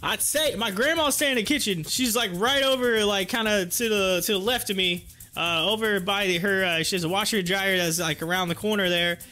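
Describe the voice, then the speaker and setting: A man's voice: high voice, brisk, hardly any pauses, bright, forceful tone. A man hosting a livestream, rambling through a funny personal story and laughing often. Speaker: livestream host. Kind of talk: casual storytelling.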